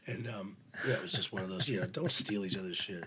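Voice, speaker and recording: A middle-aged man telling backstage stories in a casual, animated way, swearing freely and using lots of fillers. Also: low-pitched, fast talker, slightly rough. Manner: animated, profane, full of fillers. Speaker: podcast guest, venue manager. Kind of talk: casual anecdotal storytelling.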